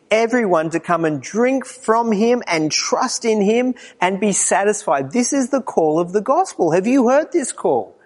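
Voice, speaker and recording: A man preaching a morning sermon, moving between quiet low passages and raised, emphatic lines. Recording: long reverb of a hall.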